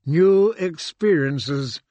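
A man reading an audiobook aloud in a calm, deliberate narrating voice. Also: on the high side, no room sound. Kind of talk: scripted narration.

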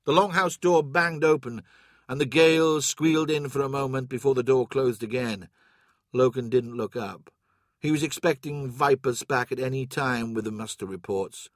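In clean, dry studio audio, a man reads scripted audiobook narration with steady, even storytelling. He has a mid-range voice and keeps a moderate pace.

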